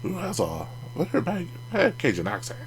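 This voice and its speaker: Over soft background music, a card collecting channel host talks fast in a high-ish voice whose pitch swoops wildly. His casual card review vlog is chatty, full of jokey asides and his own laughter at what he says.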